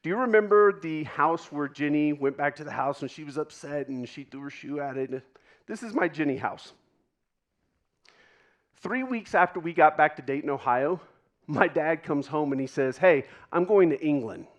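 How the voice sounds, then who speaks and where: A man giving a deeply personal storytelling talk on stage to a live audience, pausing for effect and dropping to a hush at tender moments. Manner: dramatic pauses, drops to a hush for quoted moments. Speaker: keynote speaker.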